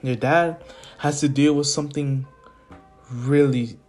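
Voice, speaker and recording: A man voicing a worried mother who speaks slowly and half in a whisper. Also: a little high, fairly even intonation, soft background music, close to an everyday voice. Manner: slow, hushed, half-whispered. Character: worried soft-spoken mother, hushed.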